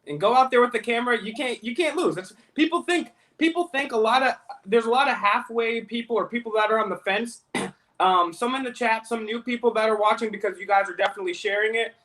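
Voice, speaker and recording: A man hosting a remote interview, talking in an over-eager, rapid way and interrupting often. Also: very high-pitched, fairly bright tone. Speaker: interview host. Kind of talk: casual interview chat. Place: remote video call.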